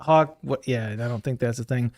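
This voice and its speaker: A man's voice: mid-range voice, level tone, brisk, dark tone, no echo. A man co-hosting a casual podcast chat for a fishing tackle shop, joking in a dry way.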